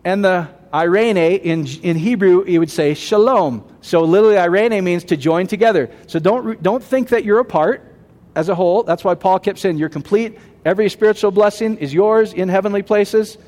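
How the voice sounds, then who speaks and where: A man's voice: high-pitched, normal speed, a little mellow, long reverb tail. A man preaching a sermon in a conversational way, often turning to the congregation with questions. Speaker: pastor.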